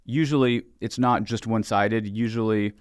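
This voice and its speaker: A man's voice: lowish voice, fairly even intonation, normal speed, clear, resonant tone, dry recording, clean studio sound. A young man hosting a casual conversation, reflective and candid about his own marriage. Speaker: podcast host.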